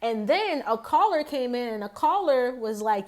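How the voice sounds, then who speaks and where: Woman tarot reader, higher voice, rambling and chatty, talks straight to her viewers. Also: expressive, moderate pace. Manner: chatty, rambling, many fillers and restarts. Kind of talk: casual tarot reading vlog.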